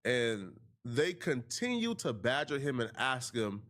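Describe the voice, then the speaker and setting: A man's voice: medium pitch, big pitch swings, unhurried, a bit bright. A man recapping a news story in a casual, conversational way, with many fillers.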